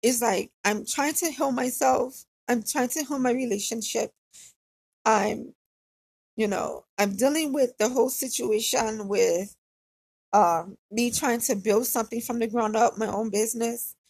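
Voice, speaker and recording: A woman's voice: a little high, measured pace, gravelly, a little mellow, breathy edge, dry recording. A woman casually telling a personal story in a candid, conversational way, often repeating phrases for emphasis.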